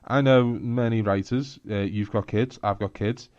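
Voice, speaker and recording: A man's voice: fairly low pitch, steady tone, unhurried, a little mellow, no echo. Blunt Scouse man, dry dull sound. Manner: blunt, laughing, sweary asides. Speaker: podcast co-host. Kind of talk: casual chat.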